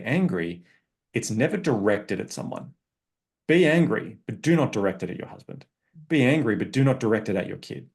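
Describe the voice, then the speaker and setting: A man speaking as a parenting coach on a podcast, earnest and instructive, often checking in with "okay?". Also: lowish voice. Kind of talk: podcast interview.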